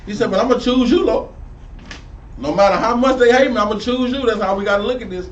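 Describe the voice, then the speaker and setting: High-voiced street preacher, distant and roomy. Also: male voice, fast talker, highs cut off. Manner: preachy, animated, sidewalk slang, rising to near-shouts. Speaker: street preacher teaching a class. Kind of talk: street Bible teaching. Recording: roomy, distant mic with faint noise.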